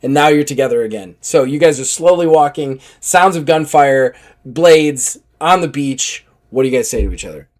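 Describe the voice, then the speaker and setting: An animated man runs a tabletop role-playing game as game master, narrating the scene and laughing as he goes. His voice sits a little high, and he bursts into shouted lines for the characters he describes. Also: moderate pace.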